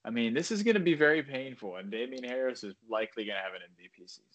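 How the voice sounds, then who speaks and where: A man's voice: medium pitch, lively intonation, racing, a bit bright. A man from Australia, co-hosting a sports podcast in casual chat with dry humor. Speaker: podcast co-host.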